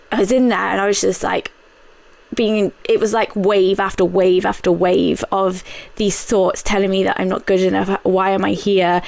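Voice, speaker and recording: A woman in her thirties, hosting a personal podcast, speaking candidly in a halting way with many fillers and restarts. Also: mid-range voice, gravelly, no echo. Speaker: podcast host.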